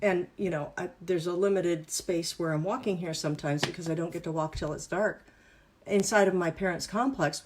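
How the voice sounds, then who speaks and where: A woman's voice: lowish voice, husky. Brief: woman coach, upbeat and playful, instructive workshop host. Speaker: wellness and business coach. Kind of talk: live online workshop teaching exercises.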